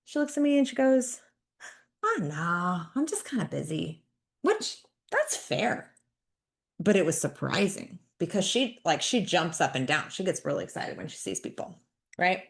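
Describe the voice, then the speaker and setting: A woman's voice: mid-range voice, very animated, moderate pace, vocal fry. A woman podcast host telling personal stories in a chatty, self-deprecating way. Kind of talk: personal storytelling monologue.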